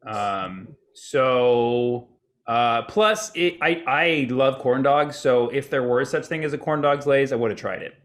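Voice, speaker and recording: Deadpan male comedian. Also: medium pitch, slow. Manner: dry, deadpan reasoning. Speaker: comedian contestant. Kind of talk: joking banter.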